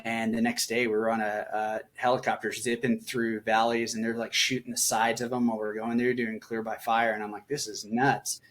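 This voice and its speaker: A man in his forties tells a story from his army years as a podcast guest. He talks in a loose, conversational way, with plenty of fillers and quick asides. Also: fairly low pitch, flat delivery, a bit bright. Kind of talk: storytelling interview.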